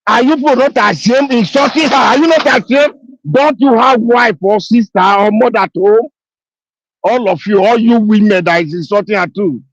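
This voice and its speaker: A woman's voice: fairly high pitch, normal speed, no room sound, lo-fi sound. A woman, speaking emphatically in a live audio chat, repeating herself and pleading. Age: 50s. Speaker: caller on an audio space.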